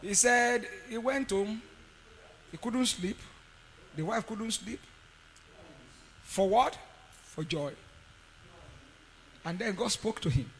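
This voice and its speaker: A man preaching a sermon, telling a story with sudden shouts and quiet asides. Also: high-pitched, slow, long pauses, long reverb tail, poor audio. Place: conference hall.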